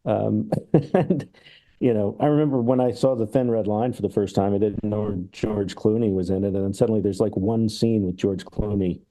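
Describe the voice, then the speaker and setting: On a film-discussion podcast, a co-host speaks low, steady and dark at a normal speed, with a slight hiss or hum on the recording. He rambles and laughs often, acting out sketches he recalls.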